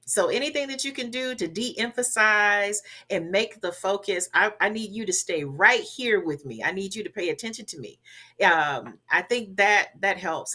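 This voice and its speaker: A woman's voice: medium pitch, pushed and bright. A woman who grew up in the American South, a guest coach giving emphatic, instructive public speaking advice on a talk show, with only a faint Southern accent left. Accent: Southern US, softened. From Southern United States. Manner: emphatic, instructive, repeats key words.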